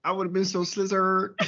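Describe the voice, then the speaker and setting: Guy chiming in playfully in a casual interview, pretty high voice, kinda muffled. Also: bright, forceful tone.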